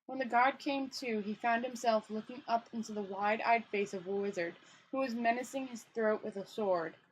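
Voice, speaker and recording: Woman storyteller reading a novel aloud, casual, slightly high voice, stumbles and rereads. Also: moderate pace, a little hiss or hum, low-quality recording.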